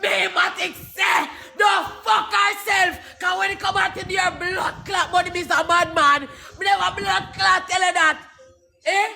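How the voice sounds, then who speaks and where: A young Jamaican man in an angry, profane rant, shouting and cursing in rapid patois. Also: very high voice, flat delivery, vocal fry, some chatter behind. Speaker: social media personality.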